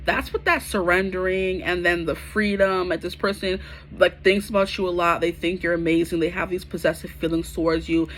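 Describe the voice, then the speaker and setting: A woman in her twenties doing a casual, chatty tarot reading to camera, full of slang and animated asides. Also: on the low side, a little fast, slight background noise. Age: 20s. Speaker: tarot reader.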